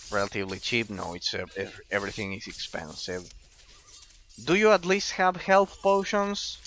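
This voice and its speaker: Slow, bright-voiced man narrating gameplay. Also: fairly low pitch, gravelly. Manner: thinks aloud, swears casually, trails off into fillers. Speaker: gameplay commentator. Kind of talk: casual let's-play commentary.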